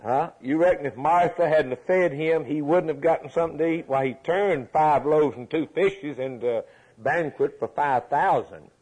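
Male preacher, slightly husky, emphatic repetitive sermon delivery. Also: on the high side, normal speed, darkish tone, poor audio.

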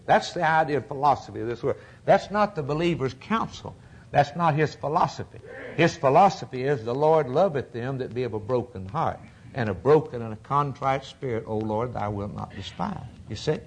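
A man preaching a fervent sermon, emphatic and repetitive, with a husky voice. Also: mid-range voice, lively intonation, moderate pace, slight background noise.

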